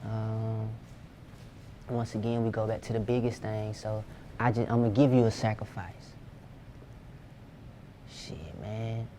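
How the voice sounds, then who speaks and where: A man's voice: fairly low pitch, flat delivery, a little slow, pauses often, dark tone, slight background noise. A young man from Georgia, a music producer talking casually and profanely in an interview. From Georgia, USA. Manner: laid-back, slangy, profane.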